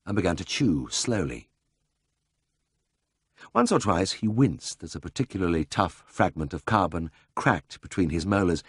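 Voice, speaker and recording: Husky-voiced man narrating a memoir. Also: deep voice, no echo. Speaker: audiobook narrator. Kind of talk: first-person memoir narration.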